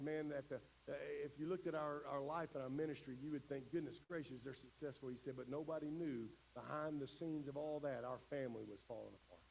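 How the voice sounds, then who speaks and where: A pastor telling a story in his sermon, building from quiet retelling to impassioned preaching. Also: on the high side, a little hiss or hum.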